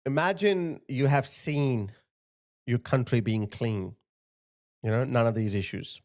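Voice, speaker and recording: A man's voice: mid-range voice, unhurried, a little mellow. A man hosting his channel, giving indignant political commentary over video clips and often repeating himself to point things out. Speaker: channel host.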